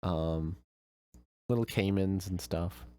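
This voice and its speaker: A man's voice: low voice, slow pace, mellow, clean tone. Rambling young man chatting casually. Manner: rambling, filler-heavy storytelling. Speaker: streamer. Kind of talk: casual chat.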